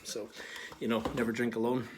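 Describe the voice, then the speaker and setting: Irish man, casual tasting host, joking and relaxed, mid-range voice. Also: medium pitch, fairly quick, slight background noise. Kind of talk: casual instructional talk. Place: small bar.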